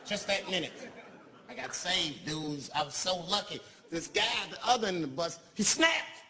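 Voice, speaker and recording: A male stand-up comedian telling a profane, conversational story, swinging between low mutters and sudden outbursts. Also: lively intonation, moderate pace. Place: live comedy venue. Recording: live stage mic, crowd noise. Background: audience laughter and noise.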